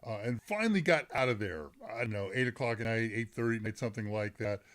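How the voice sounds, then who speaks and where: A man's voice: medium pitch, animated, fast, a bit bright. Rambling, self-interrupting male tech streamer. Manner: rambling, self-interrupting, reads chat aloud, laughs often. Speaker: host of a live tech Q&A stream. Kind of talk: casual live-stream chat.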